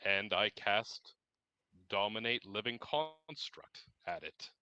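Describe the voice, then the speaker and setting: A man playing a tabletop role-playing game, who describes his character's actions and dice rolls deliberately. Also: lowish voice, expressive, pushed and bright, smooth, no echo, dull audio. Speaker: player.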